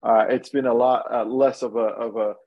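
A man, a guest energy analyst, explaining markets in a brisk, analytical way with frequent restarts, heard over a video call. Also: mid-range voice, level tone, lo-fi sound. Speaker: senior oil and gas analyst, guest. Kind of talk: expert commentary.

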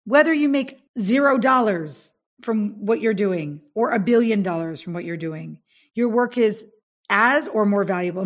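A woman author, a guest on a podcast, speaking with passion and emphasis about her ideas. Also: mid-range voice. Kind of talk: interview conversation.

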